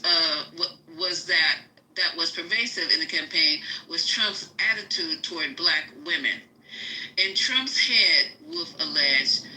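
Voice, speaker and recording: A woman hosting a live talk show, reading a news article aloud with halting fillers and restarts. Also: lowish voice, pushed and bright, a little hiss or hum, rough recording. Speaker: podcast host.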